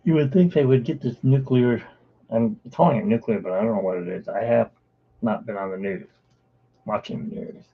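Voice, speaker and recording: A man's voice: medium pitch, normal speed, breathy edge. A man chatting casually on a live art stream, rambling from one topic to the next. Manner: rambling, drifting between topics. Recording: tinny phone-like live-stream audio.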